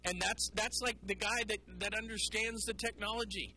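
A sports radio host, a man with a high voice and a bright, forceful tone. He talks in an animated, rambling way and takes calls. He often drops into mocking put-on voices. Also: normal speed, poor audio. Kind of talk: call-in sports talk.

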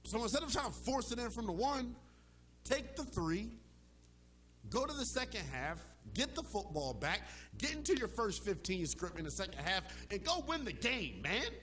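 A man's voice: high-pitched, big pitch swings, normal speed, a bit bright, slight background noise. A man hosting a sports talk show, arguing with emphatic, impassioned delivery and casual slang. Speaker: sports radio host.

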